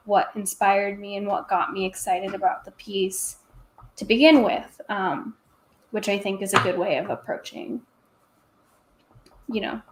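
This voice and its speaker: A woman's voice: medium pitch, reverberant. A chatty woman artist gives advice in an easy, rambling way, sprinkling in fillers as she goes. A light background hiss sits under her voice. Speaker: teaching artist. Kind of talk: casual chat while working.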